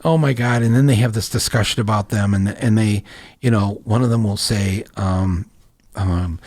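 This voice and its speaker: A man's voice: on the low side, steady tone, moderate pace, darkish tone. A man in his sixties hosting a podcast, telling stories in a rambling casual way with many restarts and jokey asides. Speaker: podcast host. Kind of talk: casual conversation.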